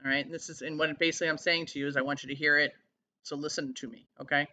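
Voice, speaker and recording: A woman talking in a casual vlog, earnest and halting as she searches for words. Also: low voice, steady tone, sharp tone. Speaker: vlogger. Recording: slightly dull lo-fi sound.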